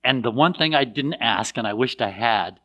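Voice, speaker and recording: An older American man telling a personal story in a casual, lively way, acting out the voices of other people. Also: mid-range voice, normal speed, highs cut off. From United States. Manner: animated, acts out voices of others in his anecdotes.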